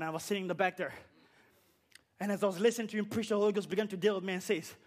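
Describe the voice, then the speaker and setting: A man preaching a fiery sermon, shouting repeated rhetorical questions and dropping to quiet low passages. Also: fast talker.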